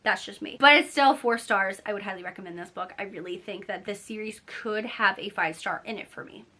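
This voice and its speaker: A woman's voice: mid-range voice, fairly quick, bright, forceful tone. A young woman chatting casually to her camera at home at night, gushing about books with lots of "like" fillers. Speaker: book vlogger.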